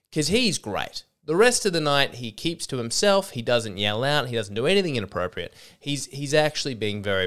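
A man's voice: mid-range voice, fairly bright tone, clear, resonant tone. A man, feeling a little sick, telling a rambling, sweary comedy story as a podcast host. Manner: rambling, self-interrupting, sweary.

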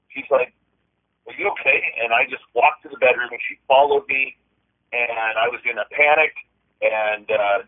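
This man speaks as a guest on a call-in show, his mid-range voice coming through a thin, tinny phone line. He tells a personal story earnestly, often stopping and restarting his sentences. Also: medium pitch. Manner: earnest, halting, frequent restarts. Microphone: telephone.

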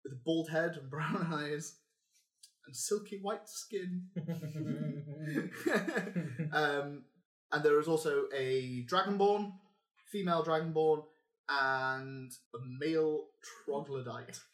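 A man's voice: fairly high pitch, slow pace, pauses often, echoey room. A man narrating a tabletop game as game master, laid-back and hesitant, laughing often.

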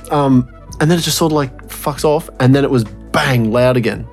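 A man's voice: mid-range voice, moderate pace. A man co-hosting a casual podcast, keenly explaining music production details and swearing as he goes. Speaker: podcast co-host. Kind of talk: casual chat.

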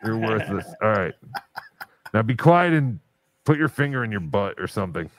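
A man's voice: lowish voice, very animated, moderate pace, dry recording. A man hosting a casual livestream show, teasing and bossing around his guest. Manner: teasing, mock-bossy. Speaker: podcast host.

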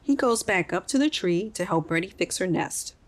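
A woman hosting a children's podcast and narrating a story in an expressive read-aloud style. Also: lowish voice, moderate pace.

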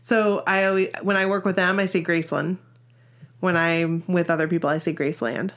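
A woman's voice: lowish voice, steady tone, fast, fairly bright tone. A woman in her forties from Maine, with a Maine accent, chatting casually and upbeat as a podcast co-host. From Maine, USA. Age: 40s. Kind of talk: casual chat.

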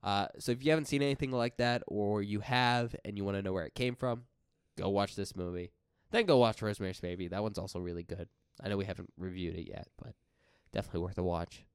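A man co-hosting a horror film podcast, talking in a measured, explanatory way and steering the segments. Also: fairly low pitch, fairly even intonation, clear, resonant tone, no echo, studio quality. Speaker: podcast co-host. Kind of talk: casual chat.

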